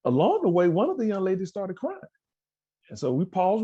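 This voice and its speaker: Male keynote speaker, storyteller on a video call, warm and slightly husky. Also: sits high, huge pitch swings, a little fast, no echo, highs cut off. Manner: storytelling, acts out quoted dialogue. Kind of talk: motivational talk to students over video call. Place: indoors at an outdoor education center.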